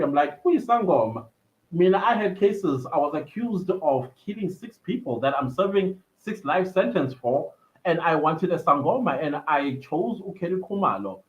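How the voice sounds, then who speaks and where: A young South African man hosting a livestream, chatting casually and reading viewer comments aloud with frequent laughter. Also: on the high side. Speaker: livestream host. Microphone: computer mic on a live stream. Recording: slightly dull lo-fi stream audio.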